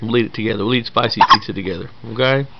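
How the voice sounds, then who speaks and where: A woman's voice: rumbling low, racing, gravelly, muffled recording, heavy background noise. A mother talking doting, sing-song baby talk to her infant son at home.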